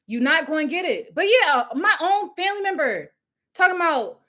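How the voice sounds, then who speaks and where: A young woman giving a loud, passionate motivational talk on a live stream, laughing often as she preaches. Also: very high-pitched, expressive, quick pace. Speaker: host of a live coaching stream. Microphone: phone or webcam at home with ring light.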